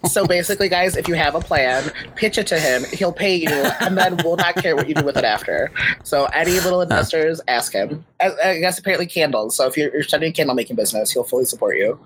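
A man's voice: a little high, lively intonation, fast talker, a bit bright. A man co-hosting a podcast in casual chat, playful and dramatic, often joking and swearing. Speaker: podcast co-host.

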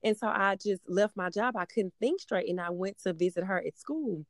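A woman's voice: medium pitch, normal speed, no room sound, studio quality. A woman in her thirties, a mother, talking casually and rambling with many fillers. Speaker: mother of a middle-school daughter. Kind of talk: casual conversation.

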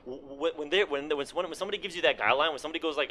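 A man's voice: fairly high pitch, animated, rapid-fire, few pauses, bright, forceful tone. A man co-hosting a casual podcast, rambling and swearing, laughing often. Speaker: podcast co-host.

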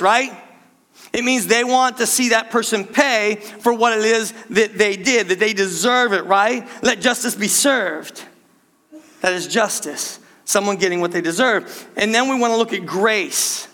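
An older man preaching a sermon to his church in a playful, conversational way with quick asides. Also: sits high, sharp tone, long reverb tail. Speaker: pastor. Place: church sanctuary.

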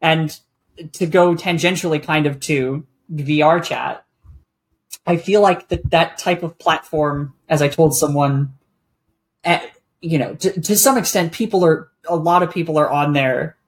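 A podcast guest who talks reflectively in a casual conversation and often pauses to find words. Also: mid-range voice.

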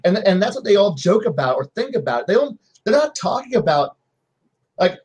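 A man on a game-master panel telling stories about his players in casual chat, acting out their lines in quick voices. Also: sits high, very animated, a little mellow, husky, poor audio.

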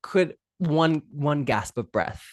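A woman's voice: deep voice, slow pace, no room sound, studio quality. A woman co-hosting a podcast, chatting casually about a movie, laughing and acting out lines from it. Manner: animated, laughing, acts out quotes from the film. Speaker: podcast co-host. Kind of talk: casual chat reviewing a movie.

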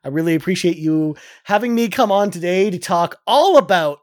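A man's voice: high-pitched, expressive, moderate pace, no echo, clean studio sound. A man co-hosting a casual live-stream chat, playful and sarcastic. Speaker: podcast co-host.

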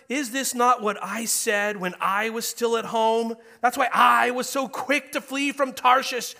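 A man's voice: very high-pitched, creaky, bright, forceful tone, pitched above the performer's own voice, exaggerated voice. A man voicing a whiny, angry male prophet who complains to God in self-pitying pleas. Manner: aggrieved, self-pitying pleading.

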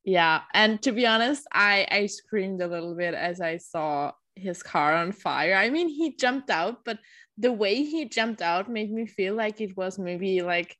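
A woman co-hosting a podcast in casual chat, unhurried with many fillers and casual swearing, close to the mic. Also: medium pitch, lively intonation, a bit bright, no room sound. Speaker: podcast co-host.

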